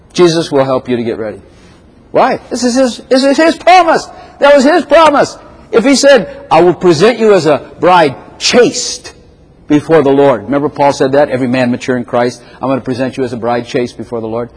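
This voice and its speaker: An older man preaching a sermon, quoting scripture and swinging between loud, excited lines and quiet, intimate ones. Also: husky, in a large hall. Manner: animated preaching, quoting scripture with sudden swings in pitch and volume. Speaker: pastor.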